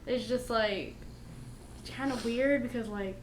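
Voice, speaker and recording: A woman's voice: a little high, a little slow. A young woman hosting a casual book chat with her mother, talking chattily with hesitant restarts. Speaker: host. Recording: echoey room with faint hiss.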